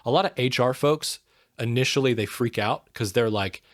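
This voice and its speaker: A man's voice: mid-range voice, lively intonation, a little fast, no echo, clean studio sound. A man talking as a podcast guest, earnest and emphatic, often asking rhetorical questions. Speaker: podcast guest, book co-author. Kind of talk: casual interview talk.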